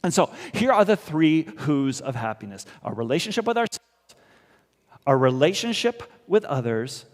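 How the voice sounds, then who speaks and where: A male pastor giving a conversational sermon, lively and expressive, acting out the voices he quotes. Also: fairly high pitch, moderate pace. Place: church sanctuary. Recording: long church reverb.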